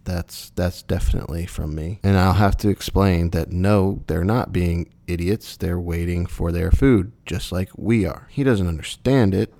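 Thirties man, podcast co-host, very low and gravelly, rambling and self-deprecating in casual chat. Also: a little slow, few pauses, mellow.

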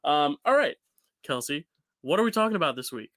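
A young man co-hosts a relaxed podcast, rambling along with plenty of fillers and restarts. His voice is bright and forceful and sits a little high. The sound is dry and close, from a home call mic. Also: fairly quick, no echo. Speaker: podcast co-host. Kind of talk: casual chat.

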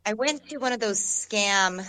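A woman's voice: mid-range voice, a little slow, bright, forceful tone, low-quality recording. A woman, an actress, telling stories in a casual, rambling way, often restarting sentences and laughing as she talks. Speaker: actress guest. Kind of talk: casual storytelling in an interview.

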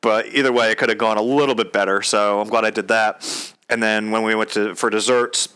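A man's voice: lowish voice, flat delivery, fairly quick, a bit bright, clean tone. A young man casually telling a story, swearing freely and acting out both sides of a past conversation. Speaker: storyteller recounting his proposal.

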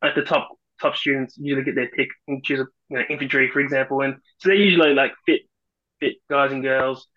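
Brash, quick Australian man. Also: mid-range voice, fairly even intonation, muffled recording. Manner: brash, profane, storytelling. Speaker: guest, army officer. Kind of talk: casual podcast chat.

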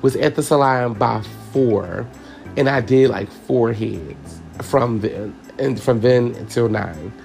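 A man's voice: mid-range voice, slow, vocal fry, darkish tone, soft background music. A man hosting a podcast, telling a personal story in a candid, profane way, tearful as he talks to his listeners. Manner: candid, profane, repeats himself, addresses listeners as y'all. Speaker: podcast host.

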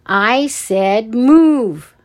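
A woman's voice: medium pitch, normal speed, darkish tone, lightly acted. Woman reading as a barking, bullying security guard. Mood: barking orders. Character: gruff threatening red-haired male security guard.

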